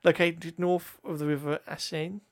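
A man's voice: fairly high pitch, level tone, moderate pace. A man reading history notes aloud, often stumbling over words, correcting himself and adding joking asides.

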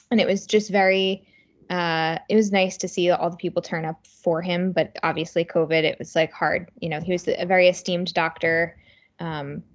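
Chatty woman telling stories, lo-fi sound. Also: lowish voice. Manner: chatty storyteller, many fillers. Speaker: podcast co-host. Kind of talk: casual chat.

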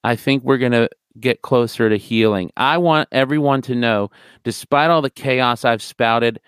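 A man's voice: mid-range voice, normal speed, clean tone, no room sound, studio quality. A man talking as a podcast guest in casual chat, profane and rambling as he tells stories. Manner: profane, rambling, animated storyteller.

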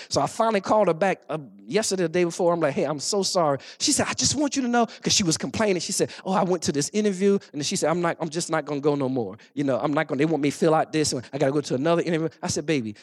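A male pastor preaching a sermon, telling a story and rising into shouted exhortation, with speech. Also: a little high.

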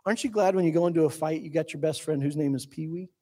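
A man preaching a sermon, telling the story quickly and then dropping to slow, hushed lines. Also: on the high side. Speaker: pastor.

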